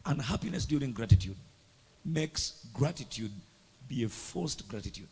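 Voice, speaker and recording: A man preaching a sermon, dramatic and emphatic, swinging between hushed and loud lines. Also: medium pitch, lively intonation, moderate pace, creaky, breathy edge. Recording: echoey hall with long reverb.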